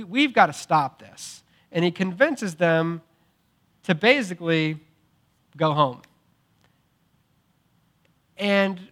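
Man, young adult, pastor, sermon, casual storytelling, fairly high voice, lively swings in pitch. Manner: casual, animated storytelling with acted quotes.

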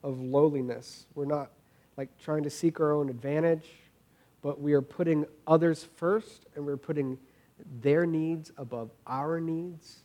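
A man's voice: a little high, fairly even intonation, measured pace, mellow. A man in his thirties giving a conversational sermon as a pastor, earnest and informal, often repeating words as he thinks aloud.

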